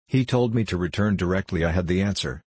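A man reading the part of a frightened, gentle young girl who speaks timidly and pleads. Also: low voice, fast, slightly rough, no echo.

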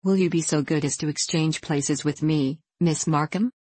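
A woman's voice: sits low, moderate pace, a little mellow, slightly rough, no echo. Woman reading as a haughty, prim young woman. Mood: disdainful. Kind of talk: audiobook dialogue reading.

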